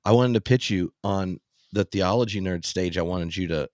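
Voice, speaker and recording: A man hosting a casual podcast conversation, spinning animated anecdotes about friends and family. His voice sits on the low side and the recording is close and dry, with no room sound. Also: normal speed, no echo. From US South. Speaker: podcast host. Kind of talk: casual chat.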